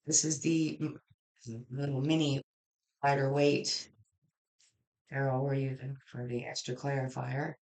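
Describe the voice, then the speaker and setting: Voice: mid-range voice, flat delivery, a little slow, pauses often, a little mellow. A tarot reader giving a casual general reading, frank and blunt, swearing freely and rambling through restarts.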